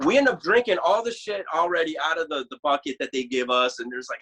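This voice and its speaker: Man, guest musician, casual chat, rambling storyteller, brightish voice, slightly high. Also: brisk, hardly any pauses, slightly rough, rough recording. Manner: rambling animated storyteller, swears a lot.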